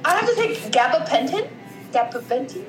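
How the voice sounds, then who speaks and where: A woman's voice: high-pitched, sing-song, fairly quick, roomy sound, soft background music, rough recording. A woman co-hosting a casual podcast chat, blunt and swearing freely. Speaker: co-host.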